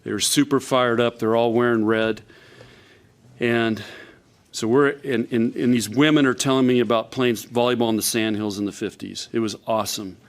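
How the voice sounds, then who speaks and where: A man's voice: mid-range voice, fairly even intonation, normal speed. A man, a volleyball coach, telling a folksy anecdote at a press conference.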